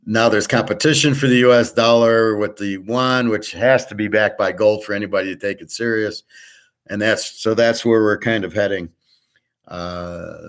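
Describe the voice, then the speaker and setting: Blunt, swearing man with a low voice. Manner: blunt, profane, opinionated. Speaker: host. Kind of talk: casual rambling commentary.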